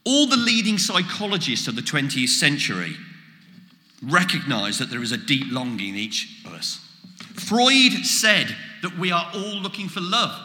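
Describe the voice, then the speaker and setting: A man preaching a sermon, animated, acting out quoted exchanges as he goes. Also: high-pitched. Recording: echoey hall with long reverb.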